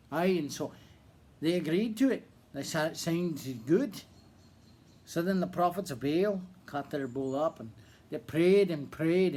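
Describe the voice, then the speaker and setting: A man retelling a Bible story in a put-on Irish accent, with folksy asides. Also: high voice. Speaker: ministry storyteller.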